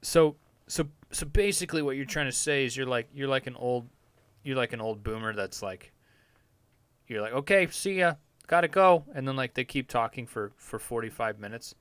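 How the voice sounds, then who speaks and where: A man's voice: medium pitch, steady tone, normal speed, fairly bright tone, clean tone, no echo. Profane rambling man on a close dry mic. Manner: rambling, profane, self-amused. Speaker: podcast host. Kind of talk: casual crude comedic rant.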